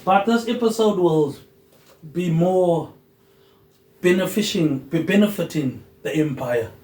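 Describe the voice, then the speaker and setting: A man hosting a solo podcast, rambling loosely with "um" pauses and dropping a low, quiet "mate" at the end of his phrases. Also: reverberant, poor audio. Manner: drifting, loosely connected talk with "um" pauses. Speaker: podcast host.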